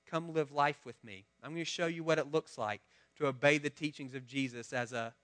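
A man's voice: on the high side, a little fast, fairly bright tone. A man, a pastor giving a conversational sermon and asking the congregation questions. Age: 30s.

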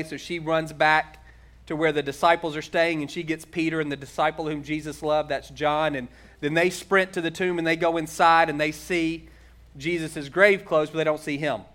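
A middle-aged man preaching a sermon as a pastor, earnest and conversational, slowing down to stress key points. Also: fairly high pitch, level tone, a bit bright.

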